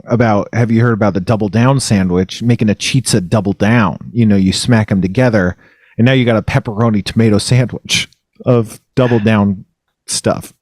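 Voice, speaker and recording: A man's voice: on the low side, a little mellow, no echo. A man hosting a comedy podcast, rambling and goofy, breaking into shocked yelps, on a close microphone. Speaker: podcast host.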